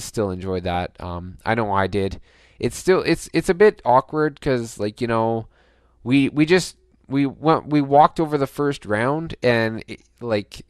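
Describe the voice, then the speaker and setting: Smooth-voiced man giving game commentary. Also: fairly low pitch, dry recording, clean studio sound. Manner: chatty, cheers on his team, bursts of excitement; thinks aloud with many fillers and restarts. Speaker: gaming channel host. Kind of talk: casual let's-play commentary.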